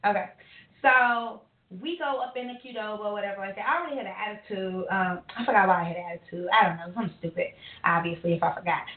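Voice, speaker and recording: A woman's voice: mid-range voice, fast talker. Ranting woman on an echoey phone line. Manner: animated, profane, rambling with many fillers. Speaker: podcast co-host. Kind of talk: casual ranting storytelling.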